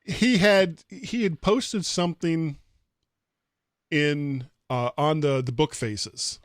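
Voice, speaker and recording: Man, podcast co-host, fairly high voice, dry close sound, jokey and self-mocking. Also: takes it slowly, dry recording. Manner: joking, laughs at his own gags. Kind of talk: casual podcast banter.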